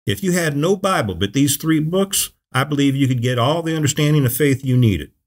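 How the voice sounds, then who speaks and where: A man preaching in a Bible teaching video, with measured, emphatic phrasing and repeated scripture quotations. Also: on the high side, lively intonation.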